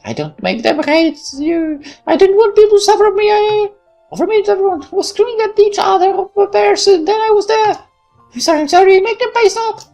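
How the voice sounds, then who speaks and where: A heartbroken young girl, as a man puts her on, crying in a thin, very high, trembling voice. She sounds small and childlike, her sobs pitched far above ordinary speech, with soft music underneath. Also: expressive, fairly quick, vocal fry, heavily acted. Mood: sobbing.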